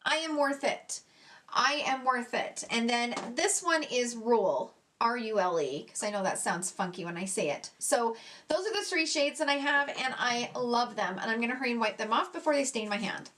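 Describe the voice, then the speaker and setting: A high-pitched woman chatting through a casual makeup review. She gushes over what she loves, drops casual curses and laughs at herself when things go wrong. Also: lively intonation, brisk, a bit bright. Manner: chatty, gushing, swears casually, self-mocking. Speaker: beauty vlogger. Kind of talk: casual product review chat.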